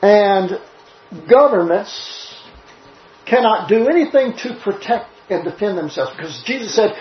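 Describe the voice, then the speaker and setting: A man's voice: high voice, expressive, a little slow. A man giving a sermon-style Bible teaching, emphatic and full of rhetorical questions. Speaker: preacher. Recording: roomy, slightly dull sound.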